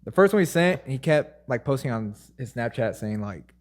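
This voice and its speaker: A man's voice: medium pitch, expressive, normal speed. Young male podcast co-host, casual rambling storyteller, mid-range voice. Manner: rambling storyteller, acts out quotes. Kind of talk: casual chat.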